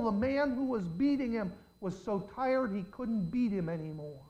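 A man's voice: high-pitched, animated, normal speed, few pauses, darkish tone, poor audio. Older preacher man telling dramatic stories. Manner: dramatic storytelling, questions the congregation directly. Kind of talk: sermon.

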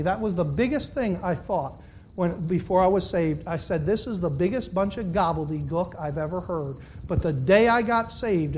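A man preaching a sermon to a congregation, swinging between loud, high, impassioned stretches and low, earnest appeals. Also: a little hiss or hum. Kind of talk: sermon with altar call. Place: church.

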